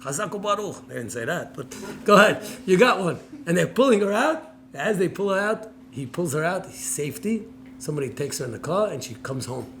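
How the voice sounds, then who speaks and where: A man, a rabbi, preaching a sermon as an animated story, acting out the dialogue, swinging between loud and soft, with Hebrew words mixed in. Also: a little high, background noise.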